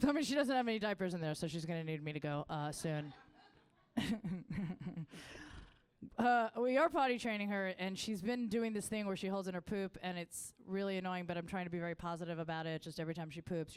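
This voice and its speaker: A woman's voice: quick pace, clear, resonant tone, dry recording. A woman performing a stand-up comedy set on a festival stage, telling profane stories in a brash manner. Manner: jumps to a much higher, excited voice for quoted lines.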